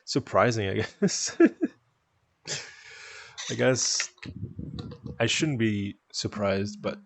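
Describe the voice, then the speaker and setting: A man streaming, chatting with viewers in a calm, easygoing, chill way from a home setup. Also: on the low side, drawn-out words, vocal fry, dry recording. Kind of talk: casual chat with viewers.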